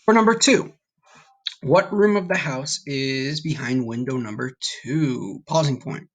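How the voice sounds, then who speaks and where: A man's voice: mid-range voice, unhurried. Encouraging male Spanish teacher. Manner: patient, encouraging, checks in with "okay?". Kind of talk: recorded online lesson.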